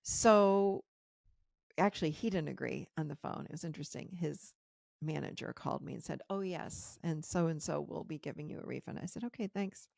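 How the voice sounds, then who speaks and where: A middle-aged woman hosts her own podcast and tells a personal story in a candid, animated way, slipping into the voices of the people she quotes. Her voice sits on the low side and has a gravelly edge. The sound is dry and close, with no room around it. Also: moderate pace, dry recording. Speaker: podcast host.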